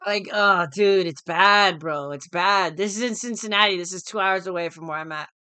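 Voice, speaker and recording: An American man narrates his trading on a live stream, chatting loosely with slang, repeated lines, and plenty of dude and bro. He has a high-pitched, bright, smooth voice and a moderate pace, captured in a dry, close recording.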